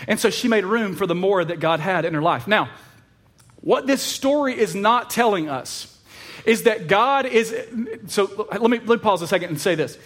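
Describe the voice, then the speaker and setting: A man's voice: high voice, animated, moderate pace, fairly bright tone. A man preaching a sermon in a casual, conversational way, with frequent fillers and restarts. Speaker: pastor.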